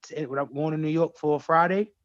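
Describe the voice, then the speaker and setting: A man, a rapper guest from Brooklyn, telling stories in animated, profane, slangy talk. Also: on the high side, quick pace, dry recording, muffled recording. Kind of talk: casual radio chat.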